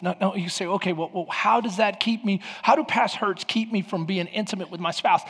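A man preaching a sermon as pastor, animated, swinging from loud emphatic bursts to low quiet passages. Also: fairly quick, hardly any pauses, breathy edge. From Latin American heritage. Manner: animated, rises to near shouts then drops low. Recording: hall reverb.

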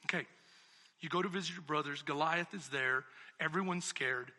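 A male pastor preaching a sermon, moving between shouted, emphatic passages and hushed, intimate reflection. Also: on the high side, moderate pace, in a large hall.

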